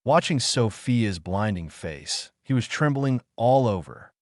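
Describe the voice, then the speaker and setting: A man's voice: medium pitch, lively intonation, unhurried, darkish tone, no room sound, studio quality. A man narrating a manga story recap in a casual storytelling manner.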